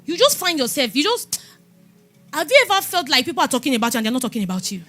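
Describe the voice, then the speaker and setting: Animated high-voiced woman pastor. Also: fast, faint music behind. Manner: animated storytelling, laughing and exclaiming. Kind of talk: testimony sermon.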